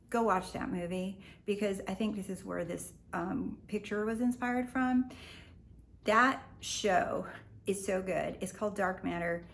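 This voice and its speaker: A woman, a spiritual life coach, talking casually to her viewers in a lively, slangy way and acting out the voices she quotes. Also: medium pitch. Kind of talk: casual talk to camera.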